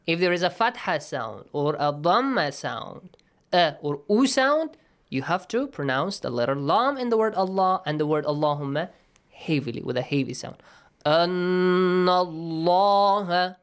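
A man's voice: on the high side, very animated, moderate pace, a bit bright. Man, tajweed teacher, patient, step by step, asks "yes?" often. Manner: patient, step-by-step explaining, checks understanding with "yes?". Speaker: Quran recitation teacher. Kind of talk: radio Quran lesson.

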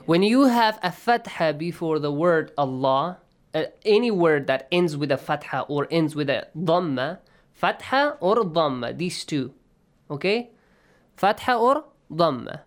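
A man's voice: on the high side, lively intonation, unhurried. A man teaching Quran recitation rules in a lesson, explaining patiently and checking understanding often. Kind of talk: online tajweed lesson.

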